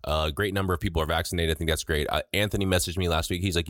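A man's voice: deep voice, quick pace, few pauses, fairly bright tone, dry recording, clean studio sound. A middle-aged man co-hosting a podcast, teasing his friend in casual chat. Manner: teasing, joking banter. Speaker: podcast co-host.

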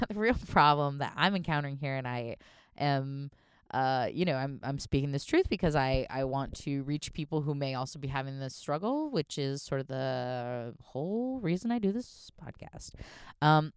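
Hoarse woman rambling from her car. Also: sits low, dry recording, studio quality. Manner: rambling, self-deprecating, chatty with many fillers. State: a little hoarse. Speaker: podcast host. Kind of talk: solo podcast rant. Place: in a parked car.

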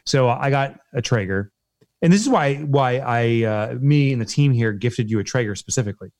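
A man's voice: mid-range voice, animated, moderate pace, darkish tone, no echo. A man co-hosting a casual business chat, telling an upbeat story with lots of energy. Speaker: business co-owner, podcast host.

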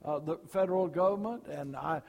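A bragging old talking dog with a twang, as an older preacher puts him on, pitched a touch high in his voice. The sound rings with a long church reverb. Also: brisk, gravelly, narrow, tinny audio. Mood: boastful. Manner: bragging, tall-tale telling.

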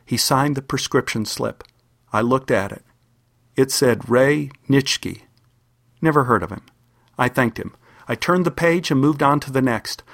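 An older man from Dallas, Texas, tells a personal story from his childhood. His humor is dry and wry, and his voice sits at an ordinary middle pitch. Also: fairly bright tone. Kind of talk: memoir storytelling.

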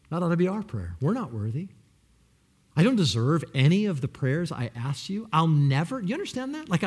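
A man preaching a sermon with passion, swinging between loud pleading and hushed, near-whispered lines. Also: on the high side, slightly rough. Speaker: pastor.

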